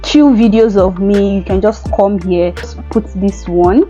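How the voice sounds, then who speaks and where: A young woman chats informally to her viewers from home, giggling now and then. Her voice is mellow and a bit dark. The sound is slightly dull, with faint music behind her. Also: mid-range voice, steady tone, measured pace. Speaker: vlogger. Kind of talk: casual vlog chat.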